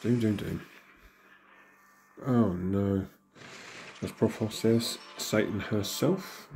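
A hoarse man, still recovering from illness, casually commenting and muttering reactions as he opens in-game crystals. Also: fairly low pitch, steady tone, drawn-out words, dark tone, soft background music. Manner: chatty, mutters reactions to himself. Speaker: gaming channel host.

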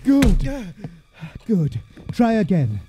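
A woman's voice: medium pitch, very animated, very slow, background noise. An actress playing a frightened young woman locked in a room, pleading urgently.

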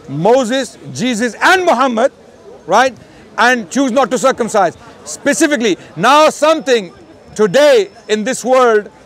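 A man debating in the street, talking loudly and insistently to the camera. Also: very high-pitched. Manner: emphatic, loud and insistent. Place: outdoors on a city street.

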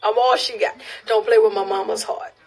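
A woman's voice: mid-range voice, steady tone, a little fast, creaky. A woman from Louisiana with a Louisiana accent hosting a casual phone live stream. She reads viewer comments, laughs often and repeats phrases for emphasis. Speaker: livestream host.

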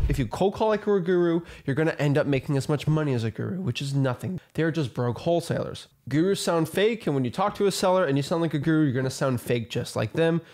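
A man's voice: a little high, a little mellow. A man coaching real estate wholesalers, talking in a blunt, emphatic and repetitive way with casual slang. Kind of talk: direct-to-camera teaching monologue.

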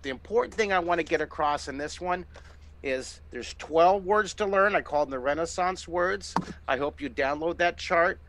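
A middle-aged man hosting a live online drawing lesson, giving excited, encouraging step-by-step instructions as he sketches. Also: fairly high pitch. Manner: enthusiastic, encouraging, exclamatory. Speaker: drawing teacher and host.

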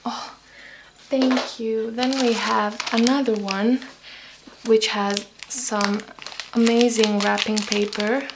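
A young woman vlogger unboxing gifts at home, gushing and excited, often restarting her sentences. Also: a little high, slow. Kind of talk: unboxing vlog. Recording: paper crinkling noise behind.

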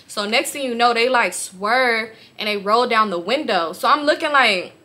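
Profane, animated young woman vlogger. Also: fairly high pitch, moderate pace. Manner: animated, profane, slangy, addresses viewers directly. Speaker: storytime vlogger. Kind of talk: casual storytelling to viewers.

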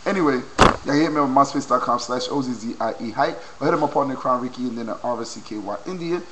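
A young man vlogging into a low-quality webcam, excitedly reacting and repeating exclamations. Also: fast talker, very noisy. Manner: hyped, repetitive exclamations. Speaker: video blogger.

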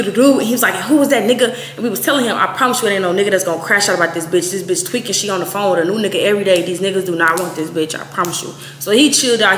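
In a mid-range voice, a woman in her twenties from Texas tells a vlog story with blunt, cussing energy, acting out what others said. It's a casual storytime recorded in an echoey room with a bit of background noise.

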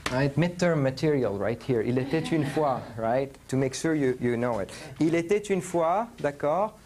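A man's voice: mid-range voice, expressive, normal speed, darkish tone, a little hiss or hum. Man teaching a French class. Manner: switches between English and French, checks in with students. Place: university classroom.

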